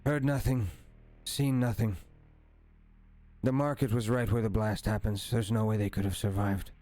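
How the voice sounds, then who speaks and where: A blunt, gruff lizard folk hunter who speaks in short, clipped sentences, as a man puts him on. His voice sits a little low. The lines come from a tabletop fantasy game. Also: fairly even intonation, normal speed, darkish tone, close to an everyday voice.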